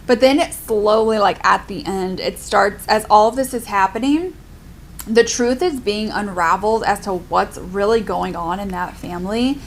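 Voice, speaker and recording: A young adult woman, a book vlogger, chats casually in a book review video, her talk full of "like" fillers. She has a mid-range voice at normal speed, with slight background noise.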